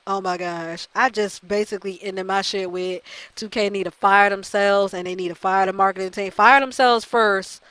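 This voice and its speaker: A woman's voice: mid-range voice, fairly bright tone, clear, resonant tone, no echo, poor audio. Exasperated, profane woman ranting. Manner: exasperated, profane, repeats herself. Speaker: gaming channel host. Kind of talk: ranting video commentary.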